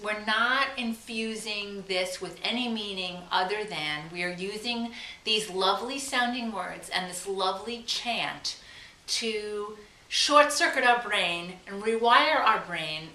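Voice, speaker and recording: A woman with a Long Island accent teaching a guided meditation lesson, talking with enthusiasm and slowing into drawn-out chants. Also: medium pitch, pushed and bright, far from the mic. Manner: enthusiastic, chants slowly at times. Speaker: psychic teacher. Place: room at home. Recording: echoey room with faint hiss.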